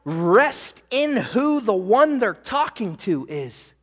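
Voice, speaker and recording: A middle-aged male pastor preaching a sermon in a church, animated, asking the congregation rhetorical questions. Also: high voice, slow, in a large hall. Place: church sanctuary.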